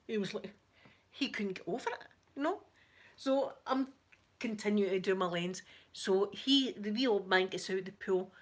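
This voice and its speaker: A woman with a Scottish accent telling a story in a casual, chatty way, animated one moment and softly spoken the next. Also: medium pitch. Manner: chatty, animated, with frequent laughter and soft asides. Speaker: ASMR channel host.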